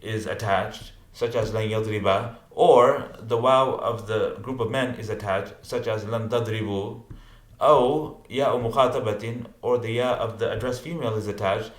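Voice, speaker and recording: Male teacher, lower voice, explaining a grammar text line by line, roomy echo. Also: fairly even intonation, brisk. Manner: reads Arabic text then translates and explains with asides.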